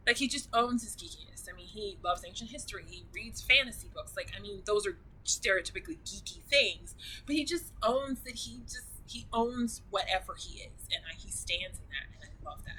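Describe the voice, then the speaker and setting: A woman's voice: medium pitch, bright, forceful tone, a little hiss or hum, rough recording. A woman vlogger chatting casually and gushingly, rambling with many restarts. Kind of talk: casual chat.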